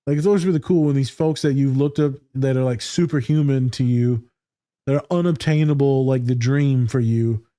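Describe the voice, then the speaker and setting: A man co-hosting a podcast in casual, excitable chat, swearing and laughing often. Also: mid-range voice, normal speed, dry recording, clean studio sound. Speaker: podcast co-host.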